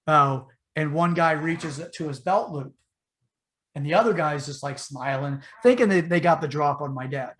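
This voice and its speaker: A man with a slightly higher voice spins a long tale in a loose, rambling way, full of fillers and restarts. He slips into the voices of the people in his story as he goes, keeping the feel of a casual podcast chat. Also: normal speed. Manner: animated retelling, acts out the voices in his story. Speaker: podcast host telling a story.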